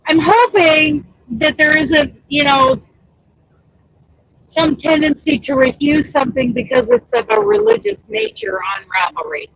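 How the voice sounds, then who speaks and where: Excitable high-voiced woman, dull lo-fi sound. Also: measured pace, gravelly, dry recording. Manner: chatty and excitable, exclaims often. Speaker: crochet pattern designer and host. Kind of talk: casual livestream chat.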